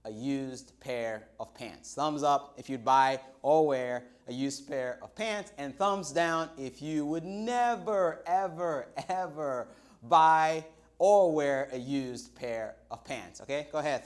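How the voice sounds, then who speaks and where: A middle-aged Nigerian pastor with a Nigerian accent preaches a livestreamed sermon in an animated, storytelling style, stretching words out for emphasis. His voice is medium-pitched and slow.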